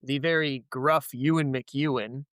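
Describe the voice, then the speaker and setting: A man's voice: medium pitch, steady tone, a little slow, a bit bright, clean tone, no room sound, studio quality. A man guesting on a casual podcast, tentatively thinking aloud as he plans a story. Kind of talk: casual story-planning chat.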